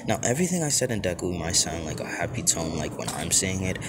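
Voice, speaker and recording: Rambling low-voiced man telling a fan story. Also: very animated, quick pace. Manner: rambling, heavy on filler words. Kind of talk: improvised fan-story narration. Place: outdoors. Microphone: phone held close to mouth. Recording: outdoor phone recording with noise.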